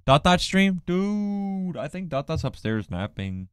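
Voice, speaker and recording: A livestreamer with a high, very animated, smooth voice talks a little slowly with no room sound. He chats casually with his viewers, trading teasing jokes and banter.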